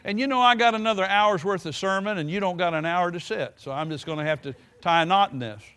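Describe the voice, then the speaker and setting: A man's voice: sits high, fast talker, fairly bright tone. A man preaching a sermon in a folksy way, stretching words for emphasis and breaking in with "hallelujah.". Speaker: pastor.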